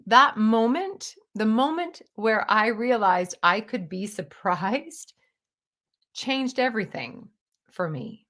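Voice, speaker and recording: Brief: woman around 50, casual storytelling vlogger, chatty and animated. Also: fairly high pitch, slow pace. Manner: chatty, animated, lots of "like" and "you know".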